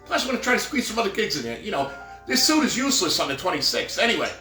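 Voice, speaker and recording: High, lively rambling male storyteller. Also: racing. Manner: rambling with jokey asides; acts out quoted dialogue. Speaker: professional Santa performer telling stories. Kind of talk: casual storytelling monologue. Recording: roomy echo with faint music.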